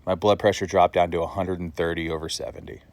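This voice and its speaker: A man's voice: low-pitched, little pitch movement, quick pace, a little hiss or hum. A man vlogging to the camera, telling a story in a blunt, casual way and swearing freely.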